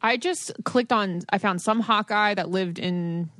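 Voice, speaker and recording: A young woman co-hosting a podcast, telling stories in a lively, self-mocking way. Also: medium pitch, measured pace, no echo. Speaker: podcast co-host. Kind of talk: casual chat.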